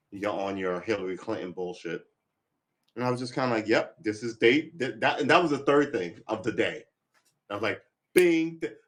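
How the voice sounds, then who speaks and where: A middle-aged vlogger with a mid-range, fairly bright voice rambles through a casual live stream. He's slightly tipsy from a few drinks, swears freely, and keeps restarting his sentences.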